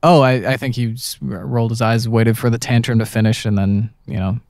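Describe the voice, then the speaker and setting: A man hosting a casual podcast, telling anecdotes in a lively, animated way. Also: medium pitch, brisk, dry recording, studio quality. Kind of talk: casual podcast chat, storytelling.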